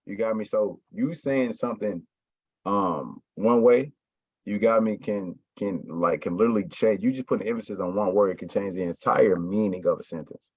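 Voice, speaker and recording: A man's voice: on the low side, moderate pace, a little mellow, dry recording, dull audio. A man coaching his sales team in casual talk, stressing words and often checking in with "right?" and "you got me?".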